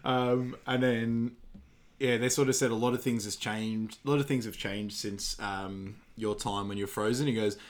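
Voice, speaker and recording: A man's voice: on the low side, fairly even intonation, moderate pace. A man, co-hosting a podcast, recapping a film in casual chat, rambling and laughing often. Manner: rambling, laughs often, stumbles over words. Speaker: podcast co-host.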